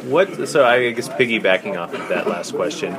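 A man's voice: fairly low pitch, lively intonation, normal speed, a loud crowd. A man interviewing an actor at a press event, asking playful, teasing questions. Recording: crowded noisy press room.

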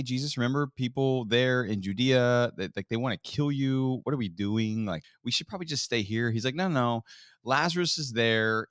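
A man's voice: mid-range voice, smooth, dry recording, studio quality. A man co-hosting a faith podcast, casually retelling a Bible story and acting out the quotes. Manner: animated storyteller, acts out quotes. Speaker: podcast co-host.

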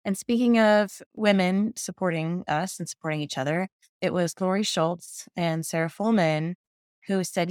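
A woman's voice: fairly low pitch, normal speed, a little mellow, smooth, no echo, studio quality. A woman in her fifties, a journalist guest telling her story in a casual podcast chat, enthusiastic and laughing often. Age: 50s.

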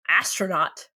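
A woman co-hosting a casual chat, recapping a TV episode with lots of fillers and laughter. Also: bright, forceful tone. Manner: giggly, rambling with lots of fillers. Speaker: podcast co-host recapping a TV show.

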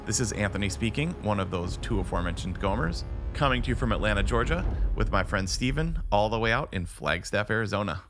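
Laid-back podcast co-host, low voice. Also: male voice, expressive, fast, few pauses, music in the background. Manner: laid-back, says "dude" a lot. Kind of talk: casual podcast chat. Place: home studio, Atlanta.

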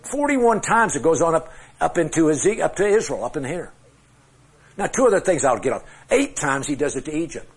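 Middle-aged male Bible teacher, husky, animated delivery, self-mocking humor, quizzes his class. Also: a little high, brisk. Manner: conversational, asks the class questions. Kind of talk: classroom Bible lecture with charts.

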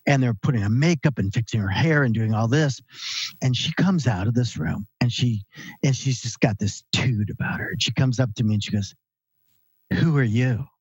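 A man guest on a podcast interview, telling stories in an animated, emphatic, conversational way. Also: medium pitch, brisk, breathy edge, dry recording. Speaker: guest, author and speaker.

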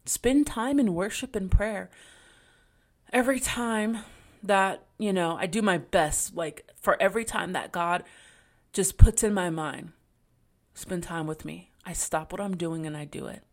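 A woman's voice: medium pitch, measured pace. A woman hosting a faith podcast, talking in an earnest, encouraging way with casual slang. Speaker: podcast host.

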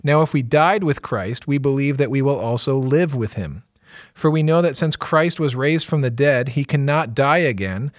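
A man's voice: medium pitch, normal speed, dry recording, clean studio sound. A man who is a pastor, teasing his co-hosts in podcast chat and reading scripture aloud expressively. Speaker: executive pastor.

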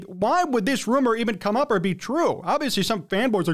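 A man's voice: very high voice, animated, a little fast, hardly any pauses. A man hosting a sports talk show, giving a blunt, emphatic opinion monologue. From United States.

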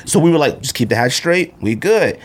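A man in his thirties from Arizona, hosting a podcast and telling a casual story, acting out the people he quotes. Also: brisk. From Arizona, USA. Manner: animated storyteller acting out quotes with big pitch jumps. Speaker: podcast host.

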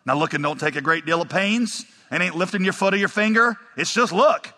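A pastor voicing a thin, plain-spoken lay preacher who pleads fervently and repeats himself, in a church. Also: male voice, high voice, fairly quick, bright, forceful tone, in a large hall, voice pushed up. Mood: earnest. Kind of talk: sermon, quoted preaching.

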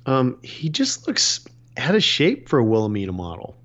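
A man co-hosting a casual chat, wry and rambling with halting restarts. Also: mid-range voice, huge pitch swings, fairly bright tone, highs cut off. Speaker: podcast co-host. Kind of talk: casual chat recapping a reality show.

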